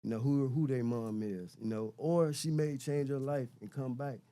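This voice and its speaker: A man's voice: mid-range voice, normal speed, warm tone. A middle-aged man and podcast guest talking casually and reflectively, often repeating words as he searches for them. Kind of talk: casual conversation.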